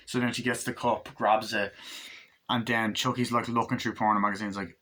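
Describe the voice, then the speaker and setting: Man, casual movie reviewer, rambling recap, lots of filler, bright tone. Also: on the low side, flat delivery, normal speed. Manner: rambling, retells scenes with lots of "like" and quoted lines.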